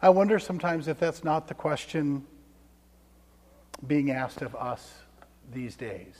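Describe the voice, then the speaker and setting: Male pastor, high voice, conversational sermon with hushed asides, echoing sanctuary. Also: animated, unhurried. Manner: conversational storytelling, dropping to hushed tones for emphasis. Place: church sanctuary. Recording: long church reverb.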